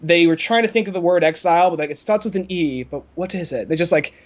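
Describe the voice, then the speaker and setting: A man's voice: a little high, fast. A man co-hosting a casual podcast, rambling and laughing as he talks. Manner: rambling, laughs often, mimics voices in quotes. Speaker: podcast co-host.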